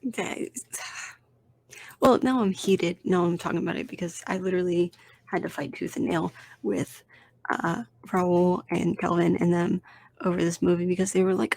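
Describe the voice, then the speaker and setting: Blunt, profane woman with a gravelly low voice. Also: fairly even intonation, normal speed, a little mellow. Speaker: podcast host. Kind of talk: casual solo film-ranking podcast.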